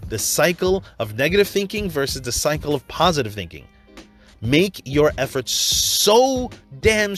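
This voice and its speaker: A man's voice: mid-range voice, a bit bright. Blunt, profane New man. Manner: blunt, profane, emphatic, conversational. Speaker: motivational speaker. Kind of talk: motivational monologue.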